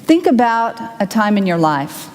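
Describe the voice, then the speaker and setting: A woman minister giving a sermon, upbeat and teasing, guiding listeners through a quiet reflection. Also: medium pitch, sing-song, normal speed, a little hiss or hum. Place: church sanctuary. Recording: long hall reverb, faint ambience.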